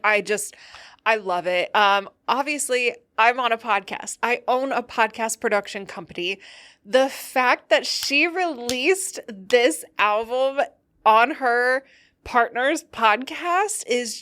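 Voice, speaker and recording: A woman's voice: on the high side, fairly bright tone. A tired, loopy woman hosting a casual solo podcast, rambling and laughing often as she tells a story. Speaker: podcast host.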